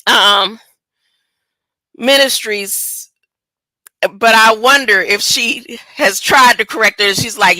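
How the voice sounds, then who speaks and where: A woman's voice: a little high, sharp tone, dry recording. A woman teaching a casual Bible study, reading a text aloud and breaking off into chatty asides and rhetorical questions. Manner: drawn-out, stop-and-start delivery. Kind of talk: casual scripture reading with commentary.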